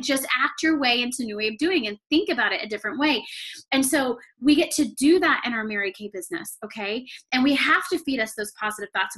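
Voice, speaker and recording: High-voiced, chatty motivational woman. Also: a bit bright. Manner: chatty, peppered with "like" and "okay?"; emotional, near tears at times. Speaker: sales team leader. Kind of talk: motivational talk to a sales team.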